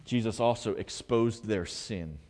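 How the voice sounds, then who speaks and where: A man preaching a sermon as a pastor, swinging between loud, emphatic stretches and hushed, quiet ones. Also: fairly low pitch, unhurried, big-room sound. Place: church sanctuary.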